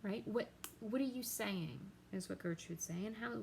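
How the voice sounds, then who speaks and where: A woman teacher explaining a play to her class, reading the quoted lines aloud with lively emphasis. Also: medium pitch, normal speed, creaky, a little hiss or hum, low-quality recording.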